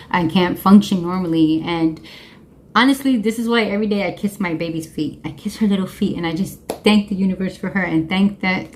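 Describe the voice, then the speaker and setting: A woman, chatting casually and expressively to camera about shows she has watched, with slang and restarts. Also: mid-range voice. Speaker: vlogger.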